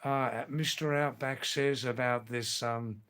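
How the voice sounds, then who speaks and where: A man born in England hosting a live stream, answering viewer comments in a slow, halting way that repeats phrases. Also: mid-range voice, fairly even intonation, fairly bright tone, smooth. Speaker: livestream host.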